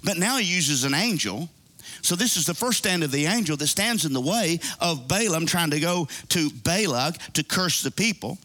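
A man preaching a sermon, reading scripture and retelling it with animated asides and character voices. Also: on the high side, moderate pace. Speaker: pastor.

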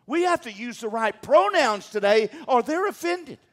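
High, lively-voiced male preacher. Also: moderate pace. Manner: emphatic, calls on the congregation to respond. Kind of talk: sermon.

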